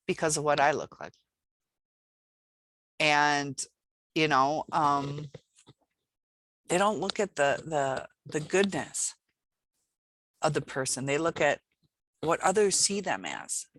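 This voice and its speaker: A woman's voice: sits low, a bit bright, no echo. A woman host speaking casually to her audience, acting out quoted lines as she goes. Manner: conversational, acts out quoted lines with shifts in tone. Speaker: channel host. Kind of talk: casual talk to camera.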